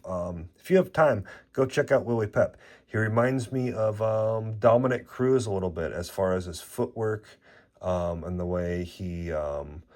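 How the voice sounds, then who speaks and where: A man's voice: fairly low pitch, darkish tone. A man hosting a casual card-opening video, rambling and swearing when he gets worked up.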